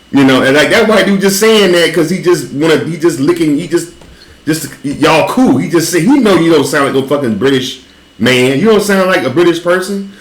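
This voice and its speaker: A man with a Southern accent hosting a casual chat, telling an animated, profane story and laughing often. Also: fairly high pitch, moderate pace. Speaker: podcast host. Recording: roomy echo.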